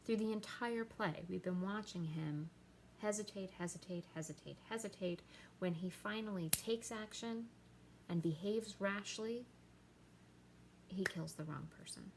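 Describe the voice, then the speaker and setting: A woman teacher explaining a play to her class, reading the quoted lines aloud with lively emphasis. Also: mid-range voice, measured pace, background noise.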